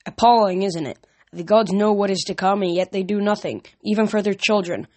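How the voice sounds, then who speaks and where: A woman reader voicing an ancient male Titan who speaks in a smooth, coaxing, sympathetic way in a storybook. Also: mid-range voice, a little fast, darkish tone, close to an everyday voice. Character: sly, silken male Titan, persuasive and patient.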